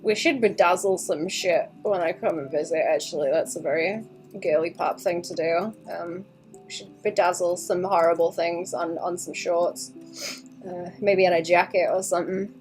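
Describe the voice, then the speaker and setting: Over soft background music, an artist streams a drawing session, her fairly low, slightly mellow voice steady in tone and moderate in pace. She chats casually with viewers, mutters to herself while working, laughs a lot, and swears without hesitation.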